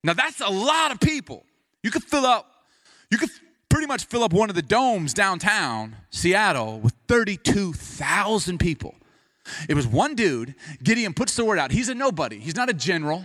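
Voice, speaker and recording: Lively, joking male pastor preaching. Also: sits high, moderate pace. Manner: animated, humorous, conversational storytelling. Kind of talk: sermon.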